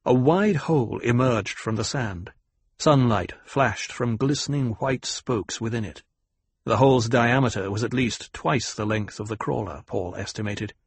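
Husky male audiobook narrator. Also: medium pitch, unhurried, no room sound. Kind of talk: scripted narration.

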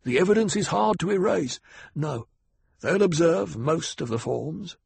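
A man doing a raspy, clipped older security chief. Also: a little high, animated, a little slow, a little mellow, dry recording, voice pushed up, exaggerated voice. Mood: stiff, defensive. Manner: clipped, defensive, growling. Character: proud, prickly older male security chief. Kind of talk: audiobook character voice.

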